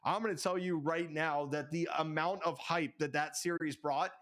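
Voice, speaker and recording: Brief: young male esports caster, high and bright, rapid hype calls, voice going hoarse. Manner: rapid, excitable calls that climb into shouts. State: voice half gone, out of breath. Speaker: play-by-play caster. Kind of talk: esports commentary.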